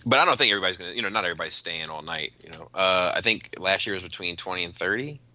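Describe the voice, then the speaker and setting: Podcast co-host, male, very low bright voice, dry sound, loose casual delivery. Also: racing, dry recording. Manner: laid-back, swearing, many fillers. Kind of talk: casual chat.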